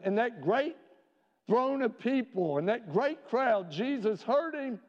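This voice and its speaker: Male pastor, fairly high voice, earnest sermon delivery, dull reverberant sanctuary sound. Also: expressive, darkish tone. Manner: earnest preaching with rhetorical questions, slowing for emphasis. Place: church sanctuary. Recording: dull reverberant church recording.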